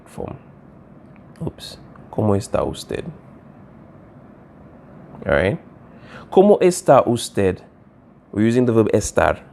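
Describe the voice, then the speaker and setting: Low-voiced man teaching a Spanish lesson. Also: a little mellow. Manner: patient, repeats phrases and restarts, says "okay" and "all right". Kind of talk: recorded classroom lesson, writing on a board.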